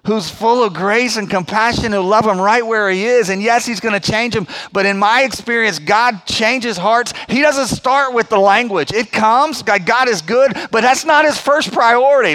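Pastor, man, forties, high voice, chatty emphatic sermon delivery. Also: moderate pace, hardly any pauses, sharp tone. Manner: conversational, emphatic preaching with acted-out quotes.

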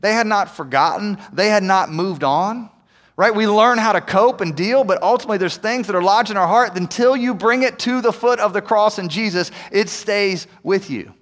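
A man preaching as a pastor in a church, conversational, with frequent "right?" asides, moving between quiet and emphatic passages. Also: high-pitched, moderate pace. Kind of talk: sermon. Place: church sanctuary. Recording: long hall reverb.

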